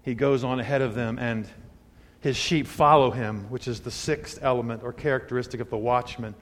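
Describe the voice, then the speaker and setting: A man in his sixties preaching a sermon, moving between loud emphatic peaks and hushed, quiet asides. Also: mid-range voice, fairly even intonation, moderate pace. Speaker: pastor. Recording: long hall reverb.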